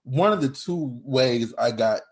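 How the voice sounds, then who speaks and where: A man's voice: medium pitch, lively intonation, measured pace. Rambling, easygoing male podcast host. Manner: rambling, with frequent restarts and laughs. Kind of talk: casual chat.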